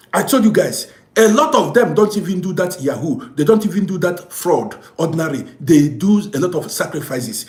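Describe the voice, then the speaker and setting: Male commentator, preachy and repetitive, lively delivery, roomy echo. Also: high-pitched. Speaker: social commentator. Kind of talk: impassioned moral monologue.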